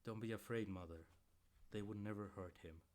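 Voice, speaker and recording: A steady, protective young lord, as a man reads him out. He speaks calmly and gently in a low, grounded voice, like a character in a storybook reading. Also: moderate pace, natural voice. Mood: gentle. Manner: calm, gentle reassurance.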